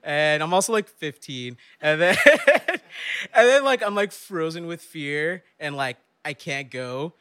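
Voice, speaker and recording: A young man telling a lively story on stage, laughing often and acting out the voices of the people in it. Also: a little high, a little slow, clear, resonant tone. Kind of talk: live storytelling.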